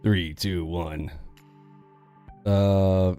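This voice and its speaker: A man's voice: deep voice, steady tone, drawn-out words, warm tone, faint music behind. Blunt, ranting male stream host. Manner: blunt, preachy, laughs often. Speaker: live trading stream host. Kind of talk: casual livestream rant.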